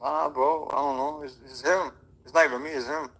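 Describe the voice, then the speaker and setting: A man's voice: a little high, fairly even intonation, fairly quick, a bit bright, husky, low-quality recording. Man rambling casually in slang. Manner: rambling, slangy, many fillers and restarts. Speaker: boxer. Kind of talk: casual interview chat.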